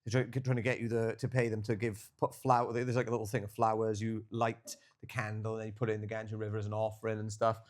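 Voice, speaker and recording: A man's voice: lowish voice, flat delivery, fast, few pauses, a little mellow. A young man, co-hosting a podcast and rambling through travel stories full of fillers and swearing. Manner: rambling storyteller, swears freely, filler-heavy. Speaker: podcast co-host. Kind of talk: casual chat.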